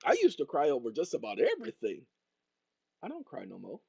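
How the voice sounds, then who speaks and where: Man, channel host, rambling monologue, high animated voice, dull dry lo-fi sound. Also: a little fast, creaky, husky, no echo. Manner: animated, talking straight to viewers, jokey asides.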